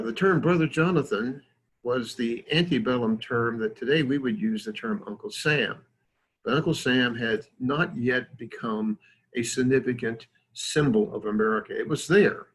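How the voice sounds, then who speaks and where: A man's voice: mid-range voice, a bit bright, slightly rough. A man giving a conversational lecture with slides, digressive, with many fillers and self-deprecating asides.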